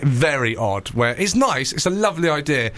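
A man's voice: on the high side, sing-song, moderate pace, fairly bright tone. A man hosting a podcast, joking and teasing his guest in casual chat, with sudden exclamations. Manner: jokey, teasing, bursts into exclamations. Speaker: podcast host and comedian.

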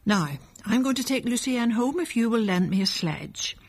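A calm, kindly middle-aged doctor, firm and reassuring, as a woman reads him aloud. The voice is soft and breathy, in the manner of a storybook read-aloud. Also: a little high, normal speed, pitched above the performer's own voice.

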